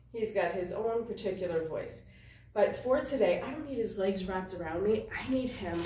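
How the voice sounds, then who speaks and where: A woman puppeteer teaching puppetry in a chatty, hands-on way, often checking in with "right?". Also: mid-range voice. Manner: chatty, keeps asking "right?". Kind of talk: hands-on demonstration. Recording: echoey room, far from the mic.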